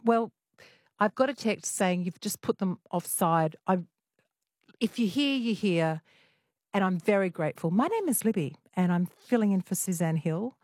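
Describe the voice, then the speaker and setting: A woman's voice: mid-range voice, expressive, darkish tone, no room sound, clean studio sound. Chatty woman radio host. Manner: chatty and quick with questions. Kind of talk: radio phone-in hosting. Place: radio studio.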